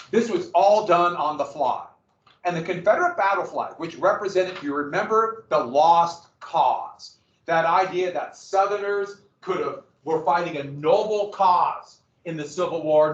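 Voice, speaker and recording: A man's voice: fairly high pitch, fairly bright tone. Male teacher lecturing in a roomy classroom. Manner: conversational, asides and questions to students. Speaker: history teacher. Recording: roomy, distant, dull classroom recording.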